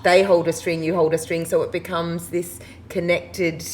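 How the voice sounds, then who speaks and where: A woman's voice: on the low side, little pitch movement, moderate pace, a little hiss or hum, low-quality recording. A woman in her forties, a wedding and funeral celebrant, telling stories in a chatty interview and laughing often. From Australia. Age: 40s. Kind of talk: casual interview chat.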